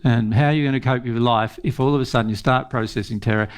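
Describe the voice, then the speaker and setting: A man's voice: mid-range voice, steady tone, fast, clean tone. Earnest man teaching, laughing often. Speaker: spiritual teacher. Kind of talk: informal teaching talk.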